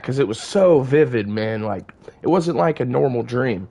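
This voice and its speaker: A man streaming a game, chatting and telling a long personal story to his live chat in a relaxed, profane, conversational way. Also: medium pitch, moderate pace.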